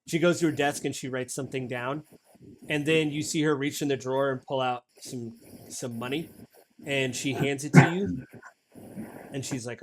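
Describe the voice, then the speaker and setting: A man's voice: mid-range voice, steady tone, normal speed, long pauses, background noise. A man narrating as game master of a tabletop game in a casual, filler-heavy way.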